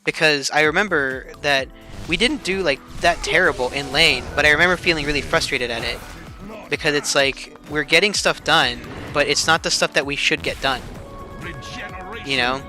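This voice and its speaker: Over music, a young streamer with a fairly high voice talks at normal speed while reviewing his team's match replay. The commentary is casual, loose, and profane, packed with "like," and he laughs often.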